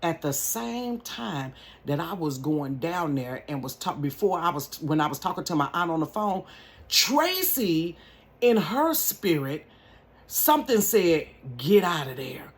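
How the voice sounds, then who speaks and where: A woman in her bedroom, telling a personal story to camera in an animated, folksy way and calling viewers "y'all" and "honey". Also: low voice, unhurried. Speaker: vlogger. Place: home bedroom. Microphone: camera at close range.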